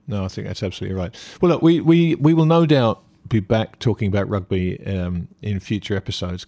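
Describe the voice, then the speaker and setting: A man's voice: lowish voice, a little mellow, dry recording. A man with an English accent co-hosting a casual podcast, upbeat, often stumbling over repeated words. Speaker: podcast co-host.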